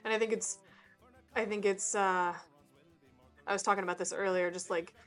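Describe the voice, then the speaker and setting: A woman's voice: medium pitch, steady tone, moderate pace, fairly bright tone, faint music behind. A woman co-hosting a casual conversation, talking freely with fillers and frequent laughs. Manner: chatty, laughs often, hesitant fillers. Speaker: podcast co-host. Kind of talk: casual chat.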